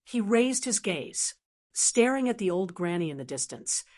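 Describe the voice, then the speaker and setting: A woman with a mid-range voice narrates a fantasy audiobook at a moderate pace, reading the script in a steady, even storytelling manner.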